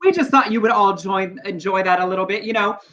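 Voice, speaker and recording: A man's voice: high-pitched, fast talker, fairly bright tone. A man co-hosting a casual livestream, reading news stories aloud with playful, wry asides. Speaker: co-host. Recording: dull lo-fi stream audio.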